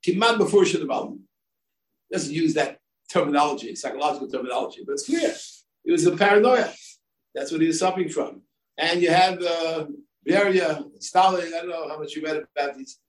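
An older rabbi who heads a yeshiva gives a Torah lecture in a fairly high, brisk male voice, wandering through the material with many fillers and asides. He's recorded from a distant mic in a roomy, echoey space with faint ambience.

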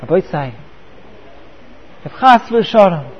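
A man's voice: high-pitched, sing-song, slow pace, husky, highs cut off. A man teaching a Torah class, often repeating words and mixing in Hebrew terms.

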